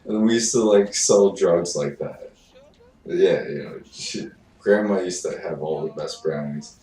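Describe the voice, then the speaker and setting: A man's voice: low voice, measured pace, mellow. A young man chatting casually as a streamer, rambling and cursing in a laid-back way. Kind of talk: casual chat. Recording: roomy, distant mic, faint noise.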